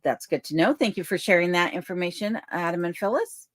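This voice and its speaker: A woman hosting a live stream from her home, reading viewer comments aloud and chatting back in a relaxed, easygoing way. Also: on the low side, brisk, dry recording, clean studio sound. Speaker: livestream host reading chat comments. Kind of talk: casual live chat. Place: home in remote Alaska. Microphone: desk microphone.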